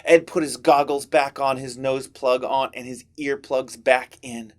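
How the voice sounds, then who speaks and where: A man's voice: mid-range voice, measured pace. Dramatic man telling a Bible story. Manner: dramatic, expressive storytelling with big swings. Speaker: children's ministry teacher. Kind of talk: Bible story narration for children.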